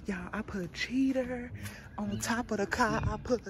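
A woman hosting a prank vlog, chatting to her viewers in a lively, slangy way. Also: on the high side, measured pace, noisy background. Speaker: vlogger, prank channel host. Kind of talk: casual vlog talk to camera. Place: outdoors by a car, later.

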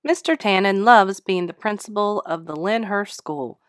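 A woman teacher reading a children's picture book aloud in an expressive, sing-song storytelling voice, close to the mic. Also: mid-range voice, moderate pace, no echo.

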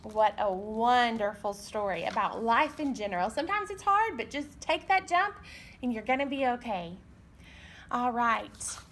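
Slow, high-voiced woman reading storytime. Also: a little hiss or hum. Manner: slow, sing-song and expressive. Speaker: children's librarian.

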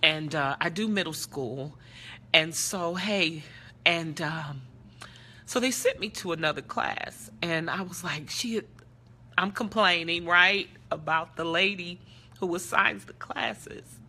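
A woman's voice: lowish voice, takes it slowly, bright, forceful tone. A middle-aged woman speaking passionately and earnestly, telling a story in a live social media talk. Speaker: character development teacher and speaker.

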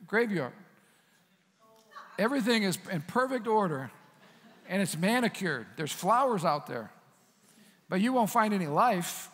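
A man preaching a sermon as pastor, in a conversational, animated style with asides to the congregation. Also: sits high, long reverb tail. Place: church sanctuary.

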